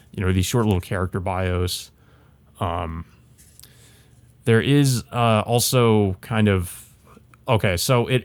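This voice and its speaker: A man's voice: on the low side, darkish tone, dry recording. A young man hosting his own channel, talking through a manga volume in a rambling, hesitant way, with lots of restarts and casual asides. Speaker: channel host.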